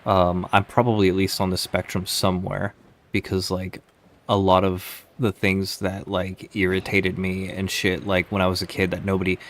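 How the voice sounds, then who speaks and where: A man's voice: deep voice, completely flat delivery, moderate pace. A man on a livestream telling rambling stories to his chat, swearing freely and laughing at himself. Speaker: streamer. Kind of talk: casual storytelling to live chat.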